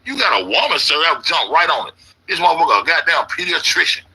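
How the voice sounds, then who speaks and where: A man's voice: on the high side, very animated, quick pace, bright, forceful tone, slightly rough, poor audio. A man ranting in a casual, profane, rambling way, repeating himself as an internet commentator. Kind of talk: casual conspiracy rant.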